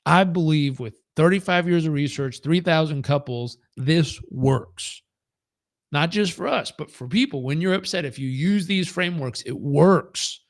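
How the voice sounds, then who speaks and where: A man's voice: fairly high pitch, measured pace, no echo, clean studio sound. A middle-aged man with a slightly raised voice coaches a live training group. He talks earnestly and leans on emphatic repeated phrases, building his points in lists. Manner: earnest, storytelling, acts out quoted dialogue. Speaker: performance coach.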